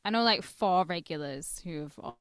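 A woman's voice: on the low side, lively intonation, moderate pace, fairly bright tone. Wry woman co-hosting a podcast. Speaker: podcast co-host. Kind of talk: casual comedic chat.

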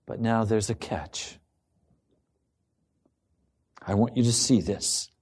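A man preaching a sermon with dramatic delivery, swinging between ringing emphasis and a hushed near-whisper. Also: fairly low pitch, slow, husky.

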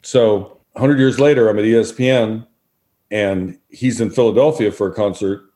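A middle-aged man with a fairly low voice tells long, relaxed stories as a guest on a talk show. He slips into quoted voices of the people in his anecdotes. His pacing is easygoing and conversational. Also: moderate pace. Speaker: guest, former sports broadcaster. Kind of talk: storytelling in a podcast interview.

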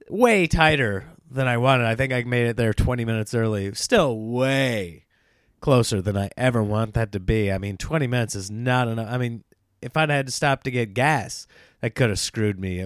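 A man, a stand-up comedian, telling a casual story in a rambling way, with lots of fillers and excited restarts. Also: medium pitch, no echo, clean studio sound.

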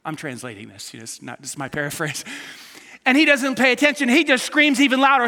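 Guy preaching a sermon on a stage mic, pretty high voice, acts out quotes, big echoey church hall. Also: fast. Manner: animated, emphatic, acts out quotes. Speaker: pastor. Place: church auditorium with a live congregation.

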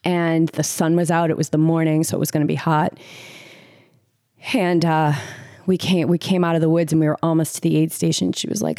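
Low-voiced earnest woman telling a story. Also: fairly quick, warm tone, smooth, no echo, clean studio sound. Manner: earnest, lots of "like" fillers. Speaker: podcast guest, ultrarunning pacer. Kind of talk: casual storytelling conversation.

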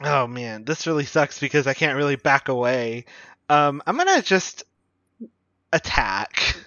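A man narrates his character's actions in a tabletop game, slow and unhurried, often pausing on "um" and breaking into laughs. His voice is bright and lively in pitch, recorded dry and close. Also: no echo, dull audio. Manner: hesitant, laughing, many fillers. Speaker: player.

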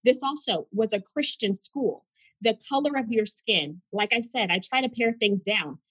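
A woman from Oklahoma, a mother of school-age sons, telling personal stories in an animated, expressive way as a guest in a conversation. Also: on the high side, normal speed, slightly rough, dry recording, rough recording. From Tulsa, Oklahoma, US. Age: adult mother of school-age sons. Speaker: podcast guest.

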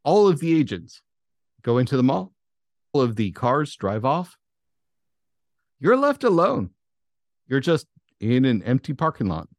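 A man narrating a tabletop game as game master, slow and dramatic, swearing casually. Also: mid-range voice, lively intonation, a little mellow, no room sound.

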